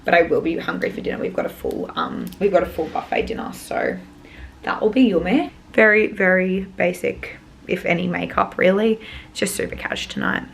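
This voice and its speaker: A woman's voice: lowish voice, sing-song, normal speed, creaky. A woman in her thirties, chatting casually to camera in a rambling way, full of "like" and "um". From Australia. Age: 30s. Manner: chatty and rambling, many fillers such as like and um. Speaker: vlogger. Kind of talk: casual vlog chat to camera. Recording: echoey room, faint background noise.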